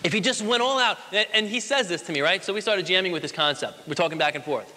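A man giving a motivational speech, telling stories with energetic, emphatic delivery in a large hall. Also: high-pitched, fast talker, a little hiss or hum. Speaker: motivational speaker. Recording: long hall reverb.

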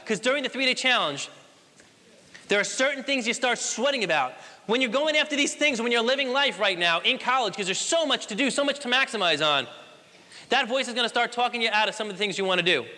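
Male motivational speaker, rapid and emphatic, bright tense tone, big echoing hall. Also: high voice. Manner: energetic, emphatic storytelling. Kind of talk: motivational speech. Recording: long hall reverb.

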